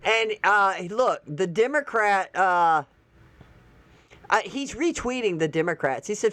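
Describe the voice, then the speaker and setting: A woman's voice: medium pitch, lively intonation, a little slow, no echo. A woman hosting online commentary, reading social media posts aloud with incredulous, sarcastic asides. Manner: reads posts aloud and laughs.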